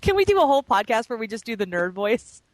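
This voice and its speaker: A woman's voice: on the high side, sing-song, quick pace, no room sound. Woman co-host with a dry, close sound. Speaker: podcast co-host. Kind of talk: casual chat.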